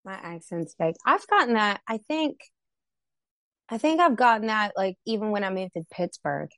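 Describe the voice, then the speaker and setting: A woman's voice: medium pitch, animated, normal speed, fairly bright tone, no echo. A woman from Florida with a Southern accent, co-hosting a podcast in blunt, profane, laughing casual chat. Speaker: podcast co-host.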